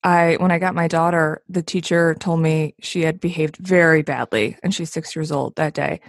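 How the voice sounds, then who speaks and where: A woman's voice: sits low, fairly even intonation, moderate pace, no echo, clean studio sound. A woman, a co-host and parent, sharing a candid story in a relatable way. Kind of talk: casual interview chat.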